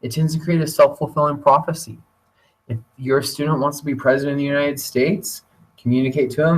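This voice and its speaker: A man presenting a teacher training webinar, talking in a relaxed conversational way with occasional fillers. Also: a little high, brisk. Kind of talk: webinar lecture. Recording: voice distant from the mic.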